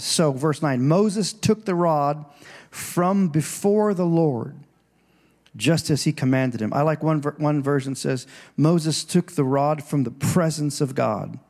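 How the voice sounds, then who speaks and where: A man's voice: a little high, a little slow, darkish tone. A male pastor preaching a sermon in a church, conversational and digressive, with restarts, and acting out scripture voices with rising emphasis.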